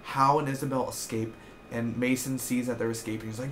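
A young man giving an excitable, rambling casual review of a TV episode, with lots of fillers. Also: mid-range voice, brisk, slight background noise.

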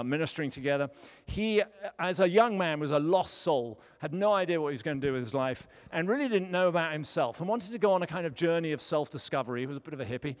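Guy preaching, storytelling with little jokes, slightly high voice, long church echo. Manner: storytelling, lightly humorous. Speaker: pastor. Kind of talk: sermon. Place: church sanctuary. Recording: church hall reverb.

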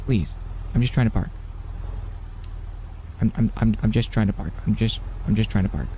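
A young streamer gives live gameplay commentary in a lowish voice at a fairly quick pace. He's excitable and flustered, talking to himself and repeating words over and over. Slight background noise is present.

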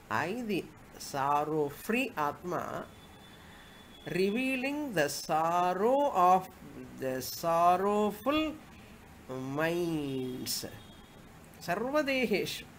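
A woman's voice: on the low side, slight background noise. A woman spiritual teacher, explaining scripture patiently and repeating Sanskrit verse phrases as she goes. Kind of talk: scripture lecture.

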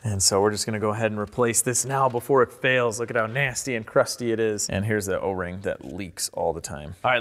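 A man's voice: mid-range voice, a little hiss or hum. Joking guy fixing a car in his garage, chatty, lots of echo bouncing round. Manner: upbeat and joking, with sudden excited whoops. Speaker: host and car mechanic. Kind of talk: casual repair vlog commentary. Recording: echoey garage reverb.

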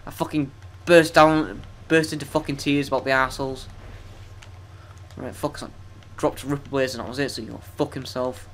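A man's voice: mid-range voice, level tone, normal speed, a bit bright, slight background noise. A young man giving profane, sarcastic, self-mocking commentary while playing a video game. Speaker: let's play gamer. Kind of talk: gameplay commentary.

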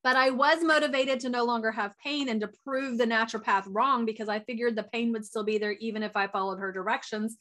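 A woman, giving a chatty, animated motivational talk as a wellness coach. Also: fairly high pitch. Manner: chatty and animated, says y'all a lot; talks fast.

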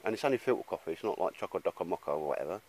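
A man's voice: sits low, expressive, racing, darkish tone, slightly rough. A man vlogging to a handheld camera in the woods, blokey and rambling, calling people mate. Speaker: outdoor gear vlogger. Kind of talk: casual chat to camera in the woods. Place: woodland outdoors.

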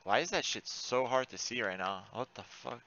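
A man giving live commentary while playing an online game, frustrated and excitable, swearing often with sudden loud outbursts. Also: medium pitch, normal speed, muffled recording.

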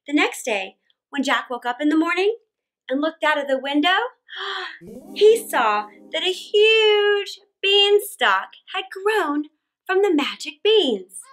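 A woman reading a classic fairy tale aloud for children, expressive and animated, with dramatic gasps. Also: extremely high pitch, slow pace. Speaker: children's storyteller. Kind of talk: read-aloud storytelling for children.

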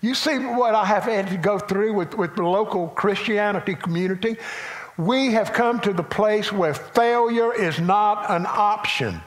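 A man with a Southern US accent delivers a sermon from the pulpit. His voice sits a little high for a man, and he swings from loud, emphatic lines to soft, chatty asides in a folksy way. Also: unhurried. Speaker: pastor.

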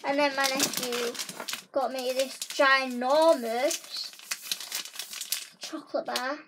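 Speaking slowly in a high, fairly even voice, a young woman hosts a casual haul vlog from her home bedroom with background noise behind her. Chatty and gushing, she addresses her viewers directly and keeps using "guys."

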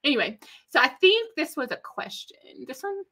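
A woman with a bright, sharp voice and an East Texas accent chats loosely on a genealogy live stream. She rambles off on tangents and laughs easily, pitched a little high. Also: very animated, normal speed. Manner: chatty, rambling, laughs often, drawls when teasing. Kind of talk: casual live-stream chat.

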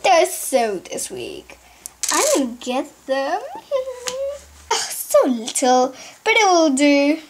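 Brief: woman playing a high, sing-song schemer doll, gleeful and sneaky, noisy home recording. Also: big pitch swings, takes it slowly, long pauses, full character voice. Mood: scheming. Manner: gleeful, scheming, whispers to hide. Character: scheming female villain doll, sneaky and greedy. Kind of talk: toy play voice acting.

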